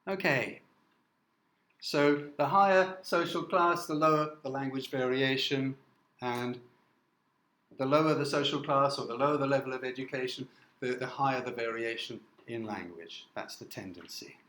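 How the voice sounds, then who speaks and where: A man from the north of England giving a classroom lecture, halting with many fillers and often asking "okay?". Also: mid-range voice, fairly bright tone, roomy sound, poor audio. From Newcastle, north of England. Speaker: university lecturer.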